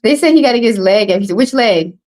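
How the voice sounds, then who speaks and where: A woman's voice: fairly high pitch, expressive, rapid-fire, darkish tone, rough recording. A woman doing a casual livestream tarot card reading, talking bluntly and profanely with rambling asides.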